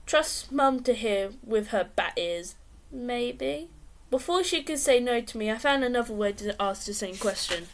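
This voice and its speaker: A woman reading a children's storybook aloud in a lively, expressive way. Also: on the high side, measured pace. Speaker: reader.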